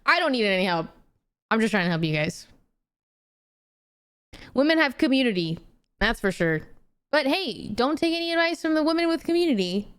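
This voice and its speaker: A young woman streaming and chatting casually, animated and swearing freely as she gets heated. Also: a little high, moderate pace, long pauses, clean tone. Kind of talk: casual chat.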